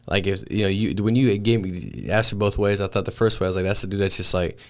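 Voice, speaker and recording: Brief: male podcast host, 30s, lowish voice, easygoing dude-speak. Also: fairly even intonation, a little fast. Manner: laid-back, says dude and man a lot. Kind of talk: casual podcast chat.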